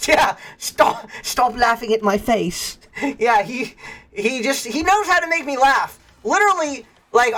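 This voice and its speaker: A streamer in a casual livestream chat, telling rambling stories, laughing often and greeting viewers in chat. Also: mid-range voice. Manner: animated, rambling storyteller.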